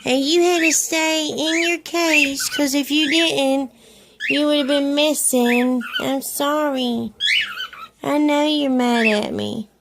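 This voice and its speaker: A woman's voice: high voice, steady tone, slow pace. A woman talking to her pet birds at home. She switches between coaxing baby talk and scolding. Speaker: pet owner vlogger. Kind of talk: casual home video. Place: at home with ceiling fan running. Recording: loud fan noise at home.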